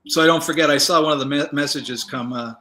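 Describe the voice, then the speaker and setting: Bright-voiced man telling stories. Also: fairly high pitch, fast talker. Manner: relaxed, rambling with many fillers. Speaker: guest, former federal agent. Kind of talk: casual storytelling interview.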